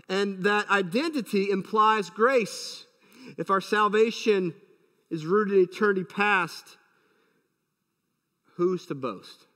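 High-voiced preaching man in a reverberant hall. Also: fairly bright tone. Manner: emphatic, many rhetorical questions. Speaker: pastor. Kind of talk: sermon.

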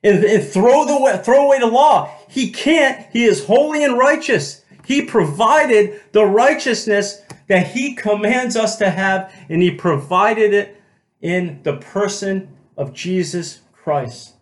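A man's voice: sits high, reverberant. A male pastor preaching a sermon, emphatic, repeating key phrases and calling out to the congregation as "church". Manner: slows right down to stress quoted words.

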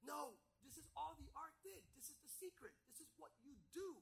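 A man's voice: very high-pitched, animated, moderate pace, gravelly, fairly bright tone, low-quality recording. A man preaching a sermon, emphatic, with rhetorical questions and repeated phrases.

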